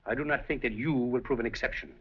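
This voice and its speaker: Close to an everyday voice, this husky, medium-pitched man talks fast while playing a suave, scheming older casino operator in a 1930s movie. He's smooth, commanding and urbane, mixing dry amusement with cool threats, and the old soundtrack sounds dull.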